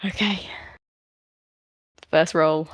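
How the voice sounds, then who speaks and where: A woman's voice: low-pitched, steady tone, very slow, no echo. A woman playing a tabletop game, chatting hesitantly about her character's moves. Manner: hesitant, chatty, laughs easily. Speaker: player. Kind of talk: casual play at a tabletop game.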